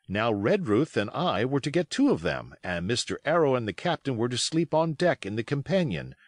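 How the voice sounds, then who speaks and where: A man's voice: medium pitch, dry recording, clean studio sound. A man reading a novel aloud as an audiobook, telling it expressively and giving each character a voice. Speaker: audiobook reader. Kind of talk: scripted narration.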